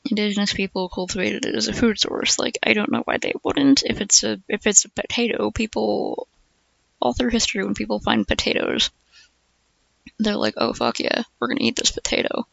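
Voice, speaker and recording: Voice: mid-range voice, fairly even intonation, normal speed, gravelly, fairly bright tone, no room sound, lo-fi sound. A streamer chatting casually and reading aloud, musing with lots of fillers and hums.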